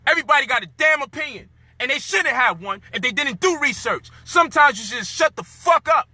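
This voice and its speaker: A man's high, very bright voice in a heated monologue. He rants with frustration, swears freely and lectures his listeners. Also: animated, brisk, no room sound. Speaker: commentator.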